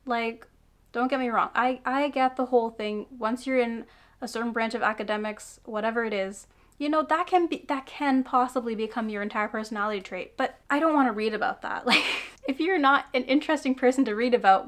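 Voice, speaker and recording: A woman's voice: on the high side, a bit bright. A young woman chatting casually through a book review, frank and full of fillers and sighs. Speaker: book vlogger.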